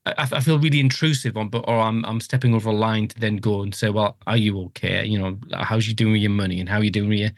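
A middle-aged man, a podcast guest talking in a halting, searching way. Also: fairly low pitch, steady tone, dry recording, clean studio sound. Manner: hesitant, halting, many restarts. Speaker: podcast guest, spouse of a host. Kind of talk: casual chat.

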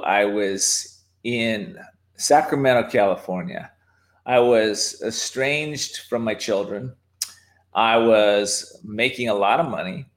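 A man as a podcast guest, telling his life story in a reflective way, with fillers and restarts. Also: on the low side. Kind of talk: personal storytelling.

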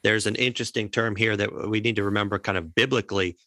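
A man's voice: on the low side, fairly even intonation, fast talker, bright, forceful tone, dry recording, studio quality. A man co-hosting a casual podcast, telling stories with playful, jokey asides. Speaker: podcast co-host. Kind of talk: casual storytelling chat.

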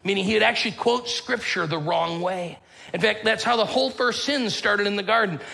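A man's voice: high-pitched, a little fast, creaky, pushed and bright, rough recording. A man preaching a sermon as pastor, talking in a loose, conversational way and joking as he tells stories. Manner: conversational, joking storyteller with a casual drawl.

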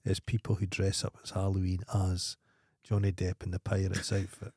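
A Scottish man with a lowish voice tells rambling, profane stories in a casual podcast chat. The sound is dry and close, with no room around it. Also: monotone, moderate pace, darkish tone, slightly rough, dry recording. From Scotland. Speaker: podcast co-host.

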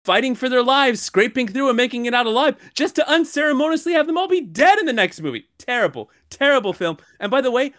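Speaking at an extremely high pitch and barely pausing, this thirty-something podcast co-host rushes through an animated story in casual conversation, getting heated along the way. The recording is dry and studio quality.

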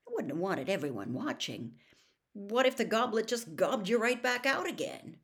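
A woman voicing a quick, wry teenage boy wizard in a storybook reading. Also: mid-range voice, big pitch swings, fairly bright tone, pitched above the performer's own voice.

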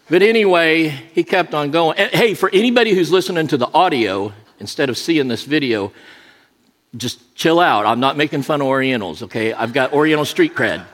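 A man's voice: a little high, brisk, a bit bright. A middle-aged man preaching as an associate pastor, mixing a sermon with joking, self-deprecating stories. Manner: jokey, self-deprecating anecdotes. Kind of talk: sermon with humorous storytelling. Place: church sanctuary. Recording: long reverb in a large church.

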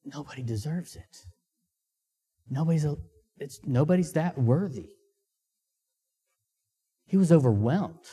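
A man preaching a sermon, reading scripture aloud and pausing to ask the congregation questions, with Amharic as his first language. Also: a little high, animated, dark tone, slightly rough. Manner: slow, deliberate pacing with emphatic pauses. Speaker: missionary preacher.

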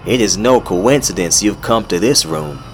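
Over background music, a man voices a sly, menacing male monster caretaker with a mock-genteel manner. His low voice has lively intonation at normal speed.

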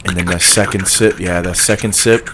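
A man's voice: low voice, steady tone, normal speed, background noise. A man chatting playfully in a casual conversation. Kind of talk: casual chat.

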